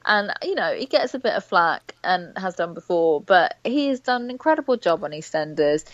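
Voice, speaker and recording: A wry, chatty woman with a lowish voice talks about television in a relaxed back-and-forth. The sound is dry and a little dull, with no room around it. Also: normal speed, dry recording. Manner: chatty, wry, fluent with fillers. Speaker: TV critic guest. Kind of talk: casual chat.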